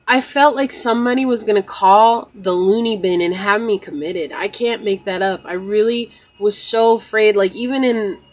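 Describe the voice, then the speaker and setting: With few pauses and a moderate pace, this woman, who runs a tarot channel, pours out a heartfelt personal message to her viewers in a medium-pitched voice, repeating herself, often saying "you know," and at times close to tears. The recording's highs are cut off.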